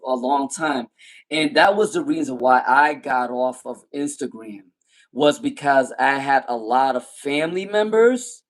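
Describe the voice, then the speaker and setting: A man in his thirties telling a personal story in casual monologue, emphatic and animated, often repeating his points. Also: medium pitch. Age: 30s. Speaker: tarot channel host.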